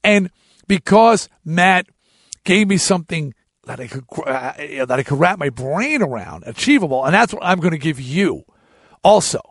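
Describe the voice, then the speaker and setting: A man's voice: a little high, very animated, moderate pace, a bit bright, no echo, clean studio sound. A middle-aged man telling a casual story to his listeners in a blunt, profane way, with many restarts. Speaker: podcast host.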